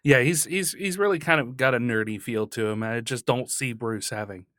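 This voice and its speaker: A man co-hosts a podcast in loose, casual chat, laid-back and quick to laugh, tossing in the odd swear word. His voice sits in a middle range. The studio sound is close and dry. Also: medium pitch, bright, forceful tone, no echo. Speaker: podcast co-host. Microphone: studio mic.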